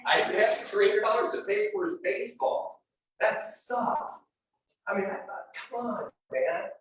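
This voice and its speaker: At a real estate event, a middle-aged man with a high-pitched voice tells a personal story at normal speed, speaking straight to the live audience in an animated, personal way. The room is very echoey, with a distant mic and faint noise.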